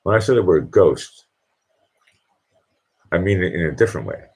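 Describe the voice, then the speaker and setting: This is a middle-aged man, hosting a casual live stream. His voice is low and husky, and his pitch swings widely as he rambles, repeating words and restarting sentences. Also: animated, normal speed, a little mellow. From Boston.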